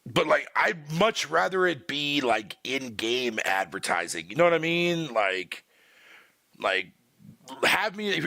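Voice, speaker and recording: A gravelly man with a bright edge rants on a livestream, his pitch swinging widely as he swears through his complaints. The sound is dry and close, with no room around it. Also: dry recording. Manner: profane, animated ranting with frequent laughter. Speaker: streamer. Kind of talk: casual livestream rant.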